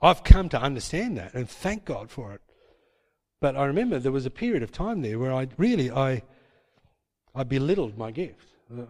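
A man's voice: medium pitch, very animated, moderate pace, a little mellow. A man preaching a sermon as pastor, emphatic and repeating his points with tag questions. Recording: long hall reverb.

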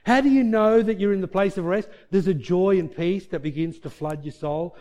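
A male preacher with a fairly high voice, delivering a sermon. His delivery swings widely, sinking to hushed, low lines and then climbing to shouted peaks. He tells stories with a preacher's rhythm. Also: normal speed, lo-fi sound. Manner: storytelling, shifting between soft low passages and loud shouted peaks.

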